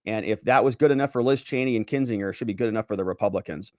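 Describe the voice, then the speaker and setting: A man hosting a solo legal commentary show, animated and sarcastic as he reads and picks apart a letter. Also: lowish voice, very fast, dry recording, clean studio sound. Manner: animated and sarcastic, mocks quoted officials in pompous voices. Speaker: lawyer commentator, show host.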